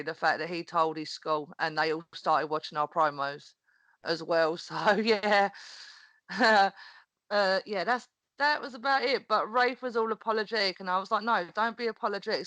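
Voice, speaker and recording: A woman's voice: mid-range voice, no room sound, rough recording. A woman, a podcast guest, chatting casually and animatedly, laughing often as she tells a story. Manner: animated, laughs often, acts out quoted voices. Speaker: podcast guest, wrestling promo performer.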